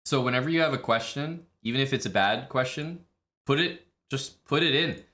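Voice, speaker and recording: A man's voice: mid-range voice, normal speed, bright, forceful tone. A man streaming live and talking through chess lines in casual commentary, blunt and profane, acting out his own thoughts and laughing at odd moves.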